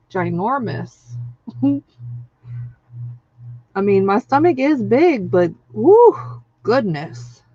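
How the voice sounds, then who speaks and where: Slow-talking, excitable woman streamer. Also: mid-range voice, no room sound. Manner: chatty, excitable, laughs often, reads out viewer names. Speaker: craft channel host. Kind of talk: casual livestream chat. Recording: dry, dull lo-fi sound.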